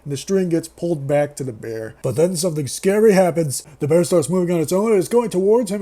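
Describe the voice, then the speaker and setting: A man's voice: fairly high pitch, normal speed, few pauses, mellow. A young man giving a casual, sarcastic, profane rant as a movie reviewer, laughing often.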